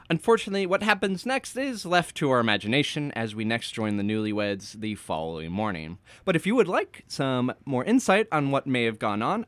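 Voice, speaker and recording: A man's voice: medium pitch, a bit bright, no echo. A man co-hosting a podcast, recapping a novel chapter by chapter with sarcastic jokes and asides. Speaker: podcast co-host. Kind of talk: casual chat and book recap.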